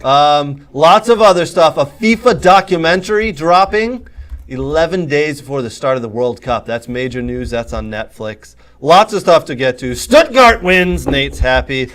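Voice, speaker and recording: A host putting on a gruff English football tough guy, raspy and rude, yelling insults at lazy viewers. The accent is put on and slides into Australian, with a voice set somewhat high. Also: animated, normal speed. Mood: gruff barking. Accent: put-on English, drifting Australian. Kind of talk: costumed show opening.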